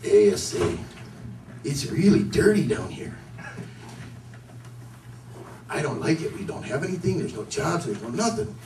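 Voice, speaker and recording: A man's voice: a little high, sing-song, normal speed, noisy background. A man putting on a group of fed-up, complaining villagers during a stand-up bit. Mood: grumbling. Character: grumbling poor villagers, male, fed up. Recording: echoey room, distant mic.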